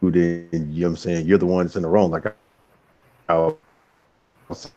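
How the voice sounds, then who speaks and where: A man's voice: sits low, sing-song, moderate pace, vocal fry, mellow, soft background music. A man in a casual political chat, heated, slangy and profane. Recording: dull lo-fi call audio.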